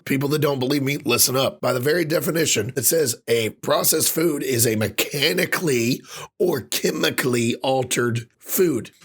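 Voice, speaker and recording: A man with a husky, rough-edged voice rants his way through a casual podcast chat. He swears freely and gets worked up, his speaking pitch sitting in an ordinary middle range. The roughness comes from a voice still recovering. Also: moderate pace. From Ireland. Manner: animated ranting with frequent swearing. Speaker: podcast co-host.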